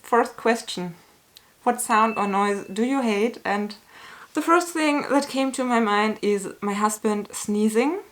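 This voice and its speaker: A woman chatting to her camera in a candid, earnest vlog. She picks her words slowly, with small restarts, and lets feeling show through now and then. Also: fairly high pitch, slight background noise. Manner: earnest, candid, sometimes emotional and softly laughing; slow, searching phrasing with small restarts. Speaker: YouTuber answering a tag. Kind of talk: casual talk to camera.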